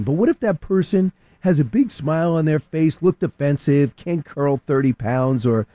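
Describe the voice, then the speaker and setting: A man with a fairly high yet dark, mellow voice, recorded dry and close. He argues heatedly as a talk radio guest, stumbling over and repeating words as he pushes his point. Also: expressive, normal speed, no echo. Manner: heated, restarts and repeats words, acts out quotes. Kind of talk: opinionated talk radio discussion.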